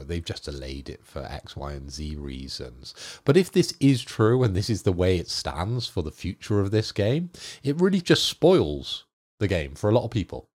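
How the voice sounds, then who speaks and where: A man co-hosting a casual gaming podcast, giving measured opinions. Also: very deep voice, a little mellow. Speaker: podcast co-host.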